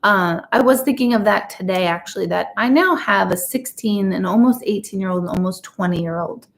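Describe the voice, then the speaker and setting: A woman's voice: mid-range voice, normal speed. A woman in her forties, an intuitive reader, chatting candidly with her live audience and swearing freely. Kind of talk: casual livestream chat.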